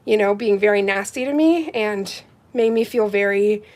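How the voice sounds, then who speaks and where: A woman hosting a nail polish livestream from home, chatting casually and reading out viewers' comments in a warm, gushing, heartfelt way. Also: mid-range voice, moderate pace. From Canada.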